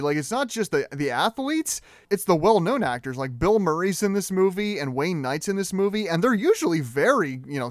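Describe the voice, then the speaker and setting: A young man with a rather high voice hosts a movie podcast, talking in a casual, animated and opinionated way. His fillers and restarts come often. The sound is dry and close to the mic, with no room around it. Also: no echo. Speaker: podcast host. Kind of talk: casual movie review chat.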